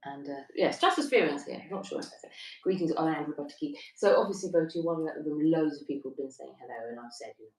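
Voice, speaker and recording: A woman's voice: deep voice, fast, a little mellow. A woman co-hosting an evening livestream from a holiday stay in Wales, chatting casually, giggling and reading viewer comments aloud. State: stiff neck. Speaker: livestream co-host. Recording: roomy echo, distant from the mic.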